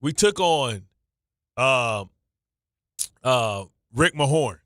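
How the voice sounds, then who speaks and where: Male sports radio host, nervous stammering banter, bright and dry. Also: medium pitch, expressive, very slow, no echo. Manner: stammering, repeats himself, nervous joking. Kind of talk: excitable sports talk banter.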